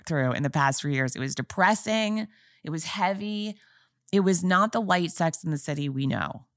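A woman's voice: mid-range voice, dry recording, studio quality. A woman in her forties hosting a podcast, chatting casually and emphatically to her listeners. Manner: gushing, chatty and emphatic, talking straight to listeners. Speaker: podcast host. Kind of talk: casual chat recap.

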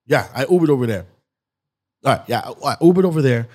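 Man, guest, rambling casual story, animated quoting. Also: medium pitch, quick pace. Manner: rambling, animated, acts out quotes. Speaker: guest, skit creator.

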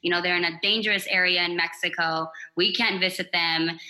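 A woman's voice: lowish voice, fairly even intonation, a little fast, bright, forceful tone, low-quality recording. A young woman as a podcast guest, speaking candidly and from the heart, with many fillers. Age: young adult. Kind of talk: casual podcast chat.

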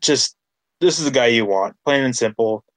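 A man's voice: medium pitch, normal speed, dry recording. A man hosting a casual sports podcast, talking with enthusiasm and building his points with repeated phrases. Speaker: podcast host.

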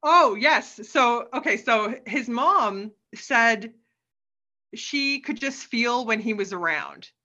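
A woman's voice: fairly high pitch, lively intonation, slow, bright, forceful tone, muffled recording. A woman guest telling stories in a casual, chatty way, often adding "like" and "right?" and laughing. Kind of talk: casual storytelling.

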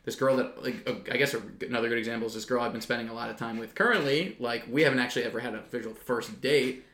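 A man's voice: mid-range voice, very fast, fairly bright tone, slight background noise. A young man co-hosting a podcast, talking in a blunt, jokey, rambling way. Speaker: podcast co-host. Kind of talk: casual chat. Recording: echoey room.

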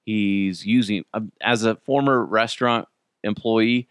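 A man's voice: on the low side, measured pace, clear, resonant tone, dry recording, clean studio sound. A man hosting a podcast, telling stories in a casual, profane way and laughing often. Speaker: podcast host. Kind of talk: casual storytelling.

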